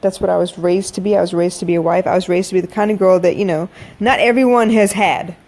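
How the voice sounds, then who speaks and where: A woman's voice: fairly low pitch, fairly even intonation, fast, a little mellow. A woman in her thirties hosting a late-night podcast, chatting frankly with listeners and calling them y'all. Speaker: podcast host. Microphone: phone-recorded live audio.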